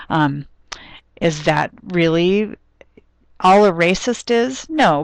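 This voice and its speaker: Low-voiced woman giving a lecture. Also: vocal fry, no room sound. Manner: explanatory, thinks aloud with frequent ums and restarts. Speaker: literature lecturer. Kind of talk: recorded classroom lecture.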